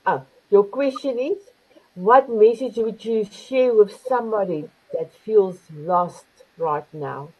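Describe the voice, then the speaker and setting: A woman's voice: medium pitch, slow pace, mellow, husky, rough recording. Effusive older woman hosting a video call. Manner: effusive, calls guests beautiful. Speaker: host. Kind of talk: warm online show hosting.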